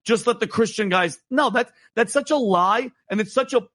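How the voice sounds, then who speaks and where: A man with a high voice argues heatedly on a talk show. He talks fast and emphatically, restarting his sentences as he pushes his point. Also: fairly bright tone.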